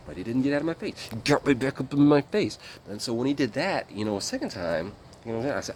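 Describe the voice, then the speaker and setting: A man's voice: lowish voice, very animated, fairly quick, slight background noise. A man telling a story about his military days in a casual, rambling way, blunt and full of fillers and swearing. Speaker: guest recounting military service.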